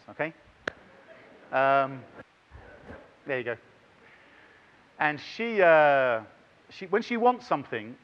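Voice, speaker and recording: A middle-aged man giving a lively, chatty conference talk and directing the audience. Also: on the high side, lo-fi sound. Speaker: conference plenary speaker. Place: large conference hall.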